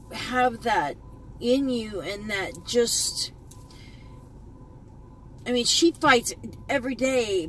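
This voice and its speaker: Sitting in a parked car, a beauty vlogger with a fairly high, slightly bright voice records an emotional, rambling video, taking her time and circling back over the same points. She's heartfelt and choked up at times, and the poor audio carries a faint background hum.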